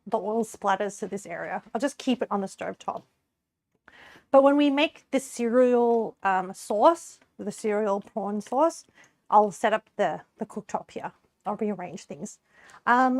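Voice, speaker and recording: While cooking on a live stream, a young woman chats casually with viewers, giggling often through chatty, rambling remarks packed with fillers. She has an expressive mid-range voice at normal speed, recorded with no room sound.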